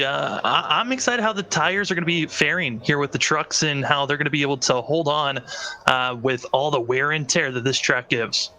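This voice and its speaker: A man's voice: a little high, sharp tone. A man giving color commentary on a sim racing broadcast, enthusiastic and rambling in his analysis.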